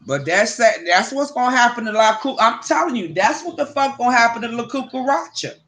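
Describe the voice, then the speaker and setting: A woman hosting a livestream, chatting casually with viewers and telling animated, profane stories. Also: on the high side, brisk. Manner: addresses viewers by name. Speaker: livestream host.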